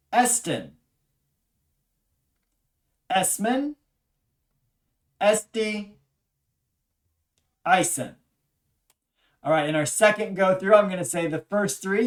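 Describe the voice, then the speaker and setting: This medium-pitched lecture comes from a language instructor positioned far from the microphone. Patient explanations alternate with repeat-after-me drills, broken up by many pauses and fillers.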